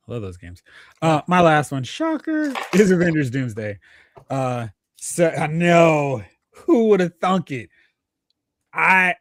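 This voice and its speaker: A man's voice: mid-range voice, no echo, clean studio sound. A man hosting a casual movie podcast, teasing his co-hosts and reading out comments from the chat. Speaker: podcast host.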